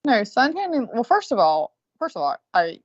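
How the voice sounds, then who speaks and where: A woman's voice: a little high, very animated, moderate pace, husky, no echo. A woman in her forties, co-hosting a podcast and telling stories in casual chat, with lots of profanity. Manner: profane storytelling. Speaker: podcast co-host. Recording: muffled lo-fi sound.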